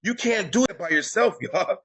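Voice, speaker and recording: A high-pitched, animated man, an adult with children, hosts a credit coaching session on a live video call at a moderate pace with crowd noise behind him. His motivational talk is emphatic and repetitive, and he often tacks on "y'all."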